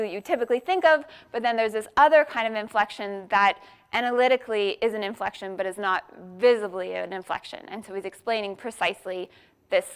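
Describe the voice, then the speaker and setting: A woman's voice: medium pitch, clean tone. A woman giving an academic conference talk, explaining points step by step with frequent fillers and restarts. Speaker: workshop speaker.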